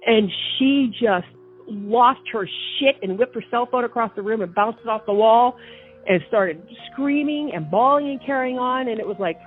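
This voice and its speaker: A woman's voice: fairly high pitch, moderate pace. A woman guest telling a personal story in an indignant way, often repeating herself and restarting. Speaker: interview guest recounting events. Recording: tinny phone line with faint music.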